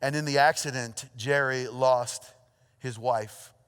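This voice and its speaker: A pastor preaching a sermon, telling a story with lively energy, then dropping to a hushed, earnest tone. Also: male voice, mid-range voice, slow, clean tone. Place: church auditorium. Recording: long hall reverb.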